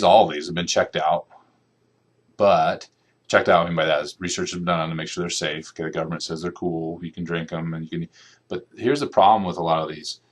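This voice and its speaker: Deep-voiced man giving a casual lecture. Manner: conversational, checks in with "okay" and "right". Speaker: nutrition lecturer. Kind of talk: classroom lecture.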